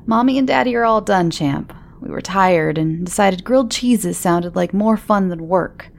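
A woman's voice: medium pitch, normal speed, gravelly, close to an everyday voice. A woman voicing a tired, affectionate young father who jokes around. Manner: jokey, affectionate.

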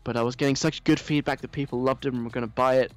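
A man's voice: mid-range voice, fairly even intonation, fast talker, soft background music, natural voice. A man putting on an American accent to voice an entitled, whiny young female influencer, in a mock reading of a social post. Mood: self-pitying. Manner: self-pitying, whiny.

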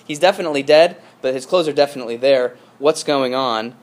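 A man's voice: mid-range voice, fairly quick. A male pastor giving a sermon in a conversational storytelling manner, with frequent asides and restarts.

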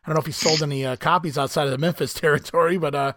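Man, podcast host, animated, laughs often, slightly higher voice, dry close sound. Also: rapid-fire, no echo. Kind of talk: casual podcast commentary.

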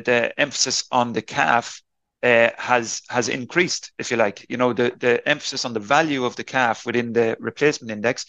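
A man answering interview questions on a podcast, explaining at length in a halting way with frequent restarts and fillers. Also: medium pitch, a bit bright, no echo. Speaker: beef enterprise leader answering interview questions.

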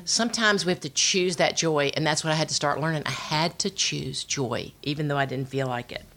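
Brief: middle-aged woman, low voice, lively storytelling testimony. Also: a little fast. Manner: animated storytelling with voiced quotes. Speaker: speaker sharing testimony. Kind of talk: personal testimony talk.

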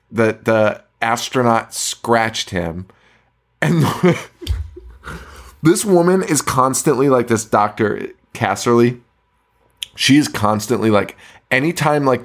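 A man talking on a podcast in an easygoing, rambling way. He curses freely and breaks into laughter as he goes, with a voice of middling pitch. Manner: rambling, profane, laughs often. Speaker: podcast co-host. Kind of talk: casual movie-review chat.

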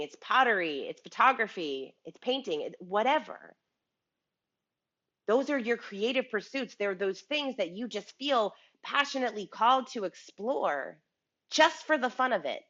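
A woman's voice: medium pitch, fairly bright tone, dull audio. A woman giving a casual motivational talk, chatty, often restarting words and checking in with the listener. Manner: chatty, repeats words and asks the listener "right?". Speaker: speaker on a business show.

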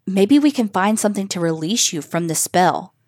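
A woman's voice: mid-range voice, lively intonation, moderate pace, a little mellow, no echo, clean studio sound, close to an everyday voice. Woman reading an earnest young hero with a sword in a storybook. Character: brave young man with a sword, Hassan.

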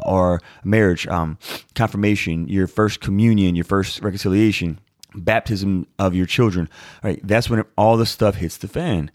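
Answering a viewer's question, this thirties-aged man reads a Bible passage and then unpacks it casually, full of "like" and "y'all." His voice is deep, and the studio recording is clean with no room sound.

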